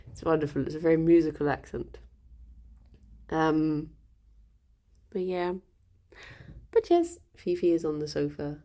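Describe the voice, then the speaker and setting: Streaming live, this young Hertfordshire woman rambles casually in her Hertfordshire English accent, scattering ums and small laughs. Her deep, warm voice is very animated yet slow, with long pauses.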